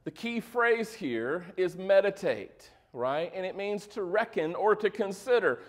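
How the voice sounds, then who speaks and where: Speaking at a measured pace with lively intonation, a high-voiced pastor gives an easygoing sermon. Between points he cracks jokes and checks in to see whether his listeners are with him.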